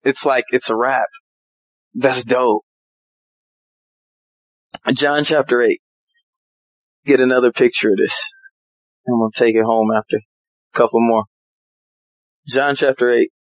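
A man preaches in a relaxed, conversational way, full of folksy stories. His voice sits in a middle register and rises when he gets animated. The sound is dry and close. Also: medium pitch, unhurried, pauses often, dry recording, rough recording. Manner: animated, folksy storytelling with laughs. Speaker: pastor. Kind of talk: casual preaching.

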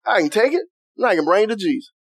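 A man preaching a sermon as pastor, who keeps asking the congregation if they are with him and softens his voice to act out quoted prayers. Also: high voice, very animated, rapid-fire, slightly rough, dry recording, studio quality. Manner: call-and-response preaching, asks "are you with me?".

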